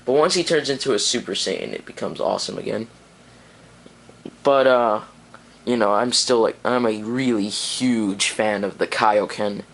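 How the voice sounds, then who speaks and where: A man's voice: on the low side, unhurried, creaky, rough recording. A man giving a casual video review, rambling and enthusiastic, with lots of fillers and restarts. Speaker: anime reviewer.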